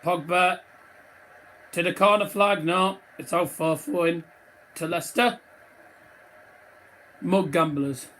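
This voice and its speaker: A high-pitched man runs a live football watchalong, calling the play as it happens. He chats and laughs along with viewers' comments between the action. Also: steady tone, slow, pauses often, pushed and bright. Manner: chatty, laughing at fans' bets. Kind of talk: live match commentary to a chat.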